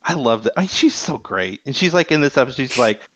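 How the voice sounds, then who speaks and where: A man's voice: mid-range voice, big pitch swings, fast talker, fairly bright tone, slight background noise. A man chatting casually on a podcast, hesitant, often restarting his sentences. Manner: hesitant, many restarts and fillers. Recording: dull lo-fi dry sound.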